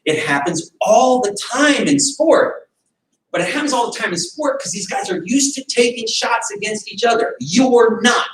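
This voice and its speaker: A male martial arts instructor teaching a self-defense class, animated, acting out fight scenarios with sudden shouts. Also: very high voice, moderate pace, a little hiss or hum. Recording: echoey room from far off.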